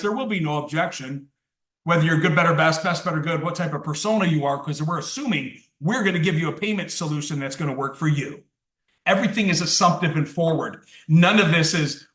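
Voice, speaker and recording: This man trains contractors in sales, speaking energetically and acting out customer dialogue in a coaching session. His voice is on the high side, bright and forceful, and the recording sounds roomy, with him distant from the mic.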